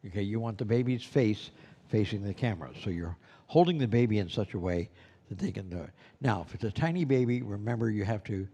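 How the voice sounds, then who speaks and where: A man's voice: lowish voice, animated, fairly quick, dark tone, husky. A man teaching a class of Santas, talking in a loose, conversational way full of asides. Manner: rambling and conversational, with many "you know"s. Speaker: instructor at a school for Santas. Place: classroom with students present.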